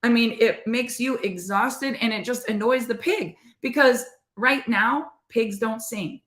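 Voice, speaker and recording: A woman's voice: fairly high pitch, measured pace, a bit bright, reverberant. A middle-aged woman co-hosting a podcast, giving an earnest, conversational motivational faith talk to her listeners. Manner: earnest, conversational, addresses listeners as "you guys". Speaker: podcast co-host.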